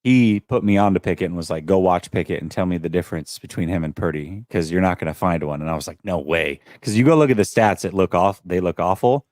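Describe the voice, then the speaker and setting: Low-voiced easygoing male co-host. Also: fast talker, hardly any pauses, a little mellow, no echo, studio quality. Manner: laughs often, easygoing. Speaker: podcast co-host. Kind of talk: casual sports chat.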